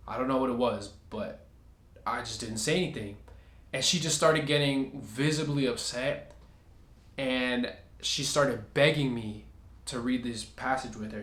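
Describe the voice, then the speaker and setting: A man telling a personal story in a casual vlog, animated and acting out what others said. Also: mid-range voice, moderate pace, echoey room. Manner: animated, acts out other people's lines.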